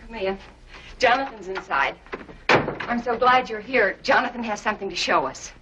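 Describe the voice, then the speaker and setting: An actress playing a kind, soft-spoken frontier mother in an old western. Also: on the high side, moderate pace, noisy background, natural voice. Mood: gentle. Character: kind frontier mother, gentle and warm-hearted. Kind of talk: 1950s film acting. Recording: dull old film soundtrack with music.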